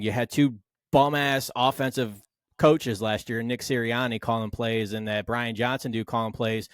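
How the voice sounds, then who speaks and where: A man co-hosting a casual sports podcast, arguing his side with animated, swearing talk. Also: medium pitch, no room sound, studio quality. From Philadelphia Eagles fan. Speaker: podcast co-host.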